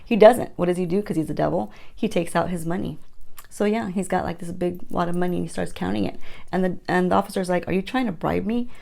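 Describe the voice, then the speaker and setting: A woman's voice: fairly low pitch, fairly even intonation, fast, creaky, mellow. A woman beauty vlogger telling a rambling, chatty storytime with playful asides, recorded on her phone at home at night. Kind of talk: casual storytime chat.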